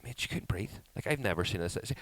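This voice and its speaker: Speaking fast, this thirtysomething podcast co-host spins a story in relaxed conversation, cursing freely and mimicking what others said in high-pitched voices. The recording is low quality but has no echo.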